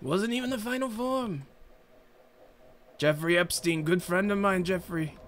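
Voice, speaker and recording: Brash, repetitive old politician, pitched up, a streamer's goofy impression over a noisy background. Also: male voice, measured pace, a bit bright. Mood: boastful. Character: impression of a brash boastful older male politician.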